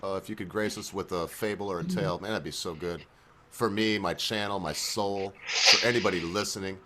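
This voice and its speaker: A man hosting a casual online chat, telling crude jokes and laughing loudly. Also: sits low, brisk, very noisy. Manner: loud laughing, lively storytelling. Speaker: host.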